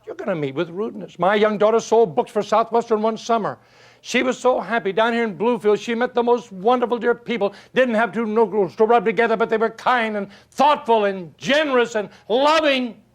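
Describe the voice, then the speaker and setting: A motivational speaker with a high voice talks a little fast, delivering a folksy, emphatic speech built on rhetorical questions and stories.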